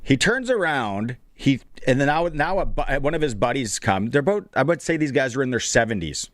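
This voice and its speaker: A man on a sports radio show, telling a long story in an animated, rambling way with lots of restarts. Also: medium pitch, brisk, no room sound. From Canada. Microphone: studio microphone.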